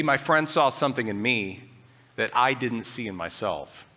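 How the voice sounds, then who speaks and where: A man delivering a church sermon in an earnest, conversational way, slipping into people's inner doubts as he goes. His voice sits in a middle pitch range and has a bright, forceful edge that carries his points. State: briefly choked up. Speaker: pastor.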